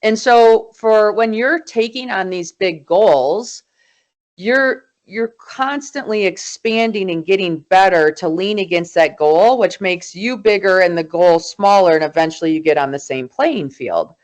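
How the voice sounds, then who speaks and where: A woman in her forties, a guest in an interview, telling her story in an animated, emphatic way. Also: mid-range voice, a little slow, highs cut off. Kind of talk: conversational interview.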